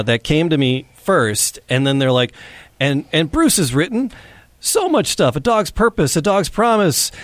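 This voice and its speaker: A man's voice: a little high, no echo. Rambling male podcast host, dry sound. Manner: rambling, self-correcting, laughs often. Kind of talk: casual podcast chat.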